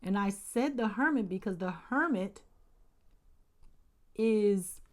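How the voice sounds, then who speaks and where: An adult woman with a doctoral degree gives a casual tarot reading in a medium-pitched, animated voice at a slow pace. She speaks emphatically, repeats phrases and talks straight to her viewers.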